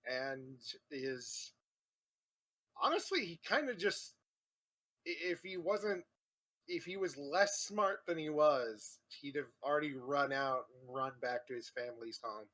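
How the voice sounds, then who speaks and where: A man's voice: on the high side, animated, pushed and bright. A man in a tabletop game describing his character's feelings in a rambling way. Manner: slow, rambling. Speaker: player.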